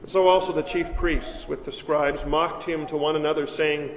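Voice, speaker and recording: A man reading the Gospel aloud at a church service, in a measured, solemn cadence. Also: on the high side, fairly even intonation. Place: large church. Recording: echoey church, reverb from far.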